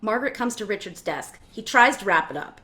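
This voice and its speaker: A woman reading a screenplay's stage directions aloud in a play reading, with an expressive delivery. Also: medium pitch, a little fast.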